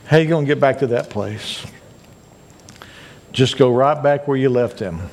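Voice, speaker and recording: A man's voice: medium pitch, moderate pace, darkish tone, slight background noise. A male pastor preaching a sermon, earnest and repeating his points to urge listeners. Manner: earnest, repetitive exhortation.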